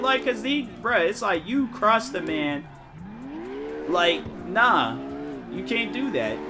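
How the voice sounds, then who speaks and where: A man, a game streamer telling stories in casual chat and jumping into high mock voices. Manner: animated storytelling, jumps into high-pitched mock voices. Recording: music playing behind.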